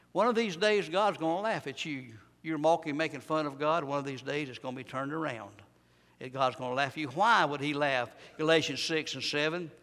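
Male preacher, fervent revival sermon, swings between loud and hushed, a touch high, long hall reverb. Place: church sanctuary.

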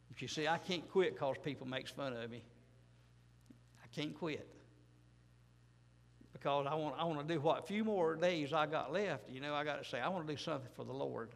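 A man preaches in a church with a gravelly, somewhat high voice. He rambles in a folksy, self-deprecating way and often repeats himself. The sound rings with the long echo of a church hall. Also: a little fast, a bit bright. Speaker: pastor. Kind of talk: sermon.

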